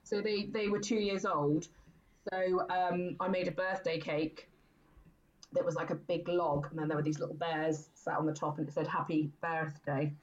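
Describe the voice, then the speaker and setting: A woman's voice: fairly low pitch, little pitch movement, moderate pace, muffled recording, a little hiss or hum. A woman chatting casually and enthusiastically, telling stories with an easy, friendly flow. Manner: chatty, enthusiastic storyteller with frequent laughs. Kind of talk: casual chat.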